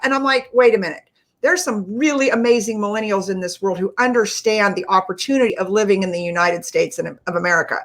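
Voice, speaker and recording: A woman's voice: mid-range voice, fast, fairly bright tone. A woman hosting a live-streamed interview, talking in an enthusiastic, effusive way. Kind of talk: casual interview.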